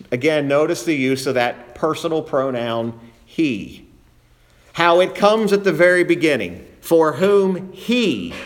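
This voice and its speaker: Male preacher, earnest teaching delivery, a touch higher-pitched than most men. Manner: earnest teaching, repeats phrases for emphasis. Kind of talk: sermon.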